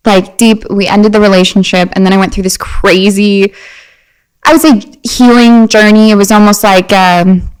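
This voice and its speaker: A woman speaking as a podcast guest, her pitch sitting in an ordinary middle range. She talks in a loose, chatty way, leaning on fillers and restarting her sentences, and tells her stories with animation. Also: normal speed, smooth, rough recording. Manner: animated storyteller. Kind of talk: casual chat.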